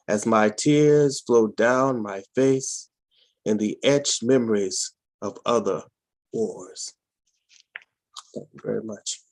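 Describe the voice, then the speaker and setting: Slow solemn man reading poetry, dry sound. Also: medium pitch, darkish tone, no room sound. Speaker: open mic poet. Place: home room, dry sound. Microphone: home computer mic on a video call.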